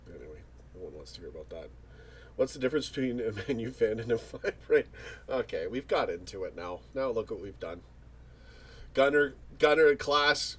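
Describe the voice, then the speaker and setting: A man hosting a casual livestream, reading viewer comments and chatting in rambling, joking banter with frequent restarts. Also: medium pitch. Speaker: livestream host.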